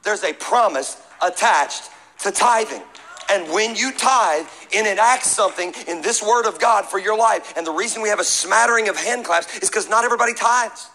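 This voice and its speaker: Man, middle-aged pastor, sermon, high voice, bright tone, joking call-and-response. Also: moderate pace, poor audio. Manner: preaching with humor and call-and-response.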